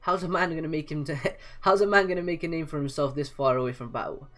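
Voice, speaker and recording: The voice is a cocky young soldier with rough village talk, as a man reads him out from a manga. He is a boastful brawler who wants to fight. The voice sits a little high. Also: fast, a bit bright, soft background music, close to an everyday voice. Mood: grumbling.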